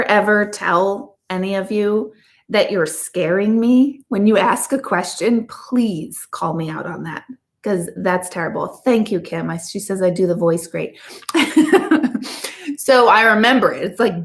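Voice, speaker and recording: Talking at normal speed and medium pitch, this middle-aged woman, an intuitive coach, holds a casual live chat with her viewers, being candid, blunt and chatty.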